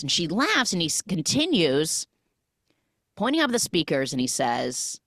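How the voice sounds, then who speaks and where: A woman hosting a podcast, recapping a film in a casual, animated storytelling way and acting out the characters' lines. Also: low voice, moderate pace, no echo, clean studio sound. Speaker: podcast host.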